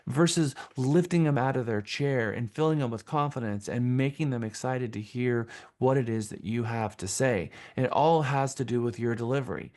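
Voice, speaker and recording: A man's voice: medium pitch, brisk, few pauses, darkish tone. A man leading a live sales training session, talking in an enthusiastic, emphatic way and repeating phrases for stress.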